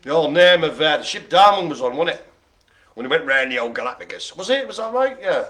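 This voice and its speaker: Jokey, bright-voiced male bingo caller. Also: a little high, very animated, brisk. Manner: jokey, chatty, playful asides. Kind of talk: lively bingo calling with banter.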